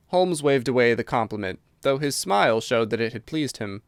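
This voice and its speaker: A man narrating an audiobook in an even storytelling manner. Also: medium pitch, normal speed, hardly any pauses, clear, resonant tone, dry recording, studio quality. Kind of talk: scripted narration.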